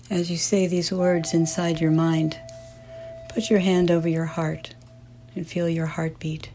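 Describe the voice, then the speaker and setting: A woman teacher leading a guided meditation, speaking softly and soothingly. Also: fairly low pitch, level tone, soft background music. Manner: slow, soft and soothing.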